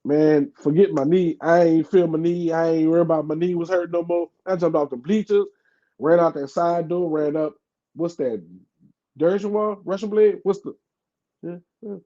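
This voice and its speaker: A man's voice: fairly high pitch, normal speed. A man in his thirties from New Orleans with a local accent, a podcast guest telling a story in casual talk, full of fillers and acting out what others said. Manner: animated, acts out quoted voices, heavy fillers. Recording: dull lo-fi podcast audio.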